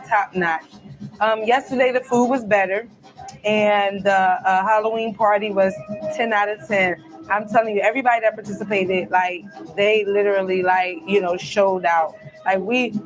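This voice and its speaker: A woman hosting a casual live stream from a cruise ship cabin, chatting loosely and talking straight to her viewers. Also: medium pitch. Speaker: live-stream host reading viewer comments.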